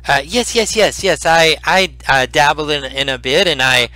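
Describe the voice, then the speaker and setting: A man's voice: on the high side, pushed and bright, dry recording, poor audio. A man doing a stammering frail old healer. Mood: earnest. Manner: stammering, halting, flustered.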